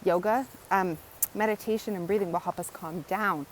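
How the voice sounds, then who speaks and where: Woman, educator, casual teaching talk, earnest, repetitive, medium pitch, faint outdoor hum. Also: moderate pace, rough recording. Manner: earnest, repeats phrases and asks "right?". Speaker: wellness educator.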